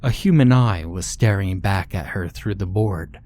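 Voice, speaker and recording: A man reading a horror story aloud in slow, measured scripted narration. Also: deep voice, a little mellow, slight background noise.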